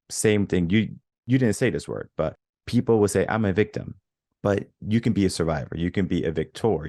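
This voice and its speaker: A man's voice: sits low, a little mellow, no room sound, clean studio sound. A man speaking as a guest coach on a podcast, earnest and motivational in tone. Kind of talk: podcast conversation.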